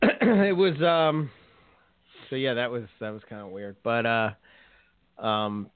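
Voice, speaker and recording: A man's voice: mid-range voice, slow pace, smooth, no room sound. A man co-hosting a podcast in casual chat, telling rambling stories and laughing mid-sentence. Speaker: podcast co-host. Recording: tinny phone-like sound, dry.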